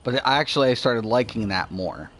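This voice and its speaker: A man's voice: mid-range voice, brisk. Middle-aged male gaming host, mid-range voice, rambling and cussing, loose commentary while playing. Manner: rambling, profane, animated. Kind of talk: casual gameplay commentary.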